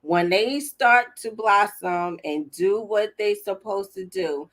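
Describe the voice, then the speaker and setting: A woman's voice: medium pitch, slow pace, a bit bright. A woman hosting a casual gardening live stream, talking candidly and mocking herself with easy laughs.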